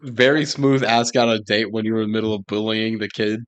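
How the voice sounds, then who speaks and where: A man's voice: fairly low pitch, fairly even intonation, fairly quick, clear, resonant tone, muffled recording. Wry man chiming in on a podcast. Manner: dry, wry asides and comments. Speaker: podcast co-host. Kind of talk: casual chat about a movie.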